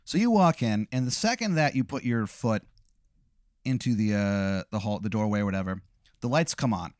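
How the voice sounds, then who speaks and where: A man with a lowish, slightly mellow voice speaks animatedly at normal speed in a dry, studio-quality recording. As host, he improvises a vivid, profane, rambling hypothetical story told in the second person to his guest.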